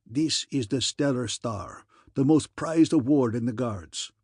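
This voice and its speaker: A man voicing a swaggering con man who poses as a gruff nobleman, growling in a thick put-on accent. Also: medium pitch, unhurried, darkish tone, no room sound, studio quality. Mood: boastful.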